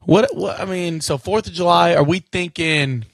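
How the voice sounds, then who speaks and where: Laid-back man with a gravelly voice. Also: sits high, normal speed, no room sound. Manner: laid-back, quotes movie lines. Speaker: podcast co-host. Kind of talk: casual chat.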